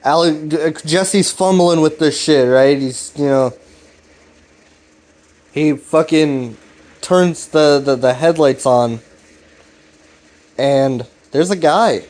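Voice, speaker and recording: A man's voice: on the high side, slow pace, pauses often, darkish tone. Laid-back, cursing rambler, man. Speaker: video series host. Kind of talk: casual rambling recap.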